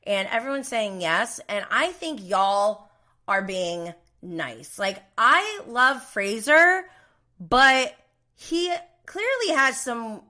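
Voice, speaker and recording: Woman host for a casual live recap: bright, chatty, opinionated, mimics the people she quotes. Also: a little high.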